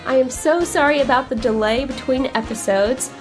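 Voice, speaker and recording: With music playing in the background, a young woman hosts a podcast, chatting casually in an upbeat, rambling way. Her voice is high-pitched and sounds a little congested, and she speaks at a normal pace.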